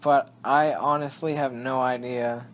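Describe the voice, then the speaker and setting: A young man is chatting loosely on a podcast, wandering off topic and circling back. He breaks off his own sentences, restarts them and laughs along the way. His voice sits at an everyday middle pitch. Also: level tone, a little slow, slight background noise. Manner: rambling, self-interrupting, laughs often. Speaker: podcast co-host. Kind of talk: casual chat.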